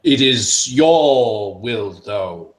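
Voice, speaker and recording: A man voicing a stern male tribal chief, booming and authoritative, who speaks slowly with weighty pauses. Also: lively intonation, roomy sound. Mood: solemn. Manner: slow and solemn, with weighty pauses.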